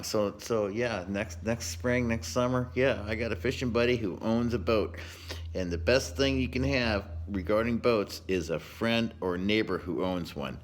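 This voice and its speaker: A man with a low, deep voice rambles through a casual rant to his camera, swearing freely and drifting from one thought to the next. He speaks from inside his unfinished home garage in a loose, laid-back storytelling manner. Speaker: vlogger giving a home project update.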